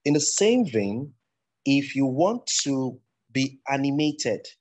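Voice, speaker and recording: A man's voice: mid-range voice, very animated, slow, darkish tone. A man teaching public speaking in an online class, explaining step by step and repeating himself with frequent restarts.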